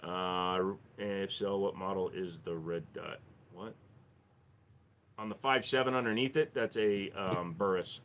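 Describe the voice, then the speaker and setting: A man's voice: low voice, steady tone, measured pace, a bit bright. A man hosting a casual livestream, chatting offhand with viewers, rambling and swearing freely into a desk microphone. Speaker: livestream host.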